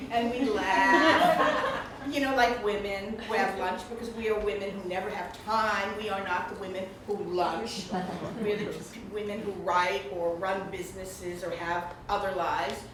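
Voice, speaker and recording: A woman's voice: mid-range voice, noisy background. Older woman chatting away, laughing a lot, echoey room, mic far off. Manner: warm, chatty, laughs often. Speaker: speaker introducing the author. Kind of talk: casual spoken introduction at a book event. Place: indoor reception room.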